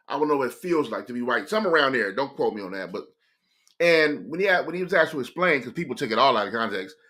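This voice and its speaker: Streamer from California, casual storyteller, bright and tense voice, slangy delivery. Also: male voice, mid-range voice. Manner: animated, slangy, stop-and-start.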